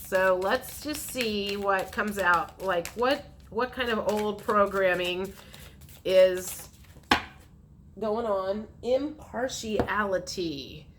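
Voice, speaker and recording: A woman's voice: mid-range voice, drawn-out words, a bit bright, a little hiss or hum. A woman giving a frank, chatty tarot reading, speaking straight to the viewer. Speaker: tarot reader. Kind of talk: casual tarot reading to camera.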